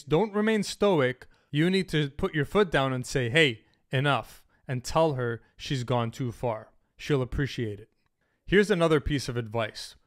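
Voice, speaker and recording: A man with a somewhat raised voice delivers a direct-to-camera advice monologue. He talks bluntly and with emphasis, and he swears freely as he hammers home each point. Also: a little high. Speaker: dating coach.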